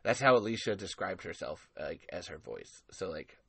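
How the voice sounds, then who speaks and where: A man's voice: low voice, big pitch swings, normal speed, gravelly, a bit bright, breathy edge, no room sound. A young man hosting a podcast, chatting casually and rambling onto tangents with lots of laughter. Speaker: podcast host. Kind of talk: casual chat.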